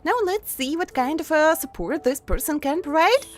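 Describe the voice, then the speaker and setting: A woman with a German accent streaming a game, reading dialogue aloud and chatting with halting pauses and frequent laughter. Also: high-pitched, lively intonation. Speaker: VTuber streamer.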